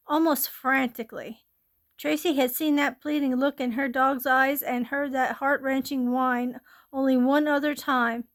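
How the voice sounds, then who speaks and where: A woman reads a ghost story aloud in a high, gentle voice. Her delivery is steady and unpolished, with a few small slips and restarts. It sounds like a home storytelling read.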